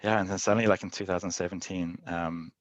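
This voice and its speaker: A young man, a podcast guest, telling adventure stories in a rambling way, full of "like" and quick laughs. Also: deep voice, fairly even intonation, no room sound. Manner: rambling, heavy use of "like", frequent laughs. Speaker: podcast guest, endurance athlete. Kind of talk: casual storytelling.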